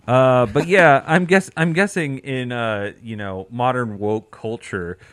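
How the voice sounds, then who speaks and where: A man's voice: medium pitch, measured pace, a bit bright. A man co-hosting a podcast, casually recapping scenes and quoting lines. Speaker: podcast co-host. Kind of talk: casual chat.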